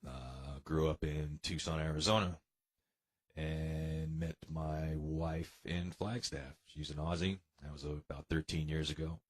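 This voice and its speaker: An American man from New York, a guest musician chatting casually in an interview, relaxed with plenty of fillers and sighs. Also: extremely low pitch, unhurried. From New York, United States.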